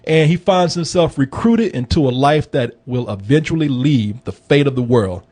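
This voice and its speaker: Animated guy hosting a movie podcast, husky voice, swears and jokes a lot. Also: medium pitch, normal speed. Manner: animated, joking and profane. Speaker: movie review podcast host. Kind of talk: casual chat.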